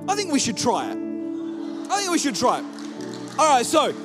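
Animated, high-voiced man preaching a sermon. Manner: animated preaching that leads the congregation. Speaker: pastor. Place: church hall with a congregation.

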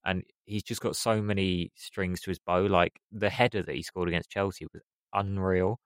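A man's voice: low-pitched, fairly even intonation, normal speed, smooth, no room sound. A man chatting as a podcast pundit, enthusiastic and piling up clauses. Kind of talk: casual football discussion.

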